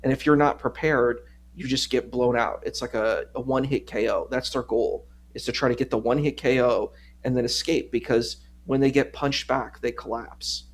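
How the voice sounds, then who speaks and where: A man guesting on a livestream, critiquing a debate in a measured, rambling, casual way. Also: medium pitch, fairly even intonation, a little hiss or hum. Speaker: stream co-host guest. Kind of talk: casual discussion.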